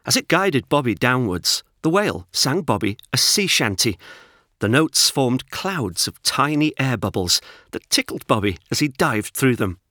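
A man narrates a children's storybook with an expressive, animated read. His voice rises and falls freely and sounds bright and forward, recorded close and dry. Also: medium pitch, unhurried, no room sound. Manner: expressive, lively reading.

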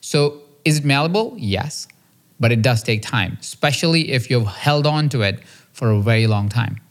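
Male podcast host, mid-pitched, casual storyteller, earnest and reflective, conversational fillers. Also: normal speed. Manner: acts out quoted dialogue with a raised, lively pitch.

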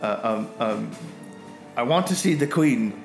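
A man's voice: medium pitch, lively intonation, measured pace, gravelly, echoey room, faint music behind. A man voicing a nervous, flustered male character who stammers and pleads. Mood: flustered pleading.

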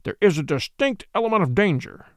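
A man voicing a brilliant, calm male detective who explains things in a measured way. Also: sits high, dry recording. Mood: grave, explaining.

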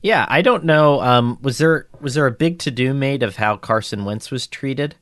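A man's voice: mid-range voice, moderate pace, a bit bright, no echo, studio quality. A man co-hosting a football podcast, telling stories in a wry, amused way in casual chat. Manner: wry, amused storytelling with chuckles. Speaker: podcast co-host.

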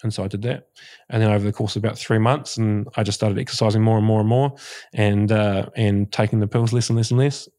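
A middle-aged man, guest on a podcast, reflects on his own story in a casual interview chat and says "you know" a lot. His voice is lowish, steady and mellow, and he speaks fast.

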